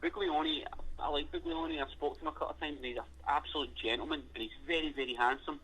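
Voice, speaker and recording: Sweary, bright co-host. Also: male voice, a little high, fairly even intonation, fast talker, a little hiss or hum, low-quality recording. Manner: blunt, sweary, enthusiastic. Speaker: podcast co-host. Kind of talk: casual chat.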